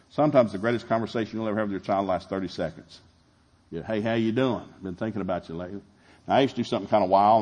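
A middle-aged man preaching a sermon, telling a family story with animated, shouted retellings. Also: fairly low pitch. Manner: animated, shouting in acted-out scenes, laughing. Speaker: pastor.

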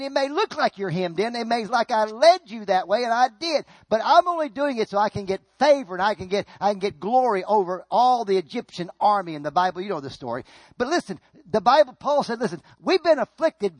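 A man preaching a sermon as pastor, swinging between soft asides and loud emphatic lines and often repeating words. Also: high-pitched, no echo.

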